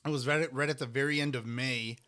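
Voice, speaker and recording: A man's voice: mid-range voice, steady tone, quick pace, sharp tone. A man co-hosting a casual eating podcast, rambling and restarting as he talks with food in his mouth. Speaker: podcast co-host. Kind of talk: casual chat while eating.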